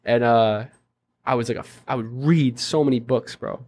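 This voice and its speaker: A man's voice: mid-range voice, normal speed. Slangy young man telling stories. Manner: animated storyteller, slangy. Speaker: podcast co-host. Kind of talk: casual chat.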